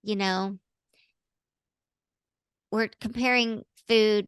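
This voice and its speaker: Bubbly actress guest, woman, smooth resonant tone, dry close recording. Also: mid-range voice, steady tone, extremely slow, a bit bright, no echo. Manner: bubbly, laughing, jumps into playful voices. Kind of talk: casual interview chat.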